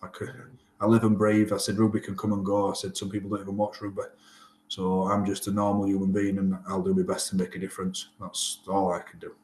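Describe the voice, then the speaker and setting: A man in his thirties tells stories in a casual interview, slipping into the voices of the people he quotes. His voice sits fairly low and stays flat in pitch. The room around him has a noticeable echo. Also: fast, slight background noise. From Northern England. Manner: animated storyteller, acts out quoted exchanges. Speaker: rugby player and guest. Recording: echoey room.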